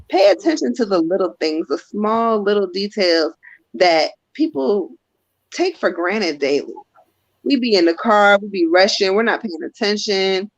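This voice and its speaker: A woman giving a live-stream spirit reading in a gentle, emotional, casual way. Her voice sits at an ordinary pitch. The sound is dry and dull, like muffled phone audio. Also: measured pace, no echo. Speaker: psychic medium.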